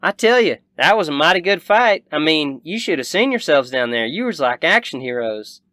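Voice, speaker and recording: A man's voice: fairly high pitch, very animated, normal speed, sharp tone, no room sound, voice pushed up. A man voicing a cheerful middle-aged woman rancher with a put-on Southern drawl. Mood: hearty. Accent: American Southern put-on. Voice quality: folksy drawl.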